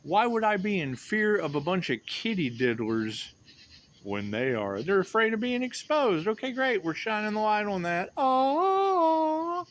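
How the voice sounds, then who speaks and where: A man's voice: high voice, big pitch swings, normal speed, fairly bright tone. Man in a sardonic, repetitive rant. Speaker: tarot reader. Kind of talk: rambling monologue.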